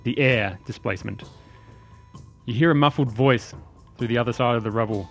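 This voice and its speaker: A man's voice: medium pitch, normal speed, fairly bright tone, soft background music. A man running a tabletop game as game master, narrating scenes steadily and chuckling at his players.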